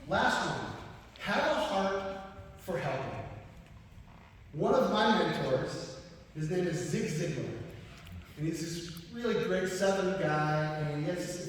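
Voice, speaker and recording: A man giving a live motivational talk, telling stories in a lively way and laughing often. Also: a little high, a little hiss or hum. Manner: storytelling, animated, laughs often. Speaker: motivational speaker. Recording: echoey hall from far off.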